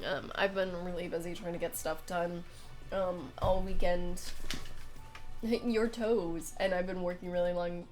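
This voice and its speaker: Young woman streamer, unhurried, chatty and giggly, faint game music behind. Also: on the low side, fairly even intonation, darkish tone. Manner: chatty and giggly, greeting viewers between laughs. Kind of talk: casual live-stream chat during a game playthrough.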